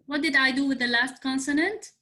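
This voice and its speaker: A woman's voice: high-pitched, steady tone, pushed and bright. Woman teaching grammar over a video call. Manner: slow, spelled-out explanations with frequent check-ins. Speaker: English teacher. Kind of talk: online class teaching.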